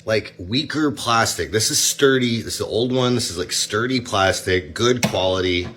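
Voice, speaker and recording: Annoyed man complaining, low voice. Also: normal speed, a bit bright, breathy edge. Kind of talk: casual rant to camera.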